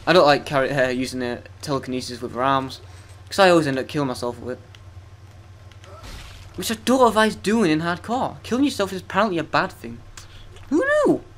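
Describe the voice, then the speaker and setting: A man's voice: fairly high pitch, expressive, a little fast. A young man giving profane, sarcastic, self-mocking commentary while playing a video game. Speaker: let's play gamer. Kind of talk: gameplay commentary.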